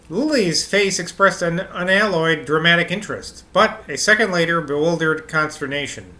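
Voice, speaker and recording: A man's voice: fairly high pitch, normal speed, few pauses, bright, forceful tone. A man reading a classic novel aloud, breaking off now and then for irreverent, swearing asides. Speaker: audiobook reader.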